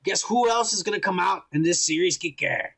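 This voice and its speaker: A man's voice: high-pitched, moderate pace, vocal fry, fairly bright tone. A man co-hosting a podcast in casual, profane chat, rambling and teasing with lots of filler. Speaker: podcast co-host.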